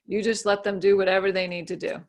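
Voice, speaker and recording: A woman's voice: medium pitch, flat delivery, fast talker. A woman giving a casual, easygoing explanation as a guest speaker, with many fillers and restarts.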